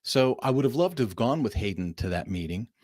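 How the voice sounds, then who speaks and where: A middle-aged man from Southern California talks straight to his livestream audience in a casual, animated storytelling way. His voice sits at an ordinary middle pitch. It is recorded close and dry, with no room sound around it. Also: brisk, no echo. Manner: animated storyteller addressing viewers as "folks". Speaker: livestream host.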